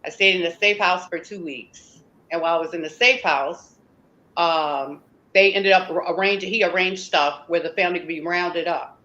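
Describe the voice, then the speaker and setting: A woman interview guest with a lowish, bright, forceful voice speaks at normal speed, the high frequencies cut off. She tells a personal story emphatically, acting out what people said to her.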